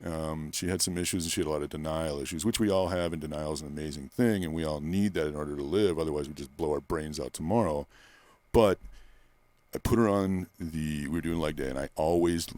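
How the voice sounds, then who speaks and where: Speaking a little fast in a very deep voice, a male personal trainer gives a candid interview, blunt and profane as he rambles through stories. He sits close to the mic in a quiet room, and the recording is dry.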